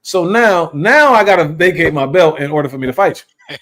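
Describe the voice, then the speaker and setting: A fairly high-voiced man hosts a live boxing talk show, holding forth in loose, slangy chat. He argues hard and repeats phrases over and over, and his voice swoops up sharply whenever he makes a point. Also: animated, brisk, a bit bright. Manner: heated, emphatic, swooping jumps in pitch; slangy, repeats himself while arguing.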